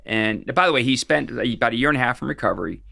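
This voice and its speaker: Gravelly man telling a story. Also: mid-range voice, expressive, fast talker, sharp tone, no echo, studio quality. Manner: rambling, with frequent restarts and fillers. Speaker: guest expert on financial fraud. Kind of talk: casual interview storytelling.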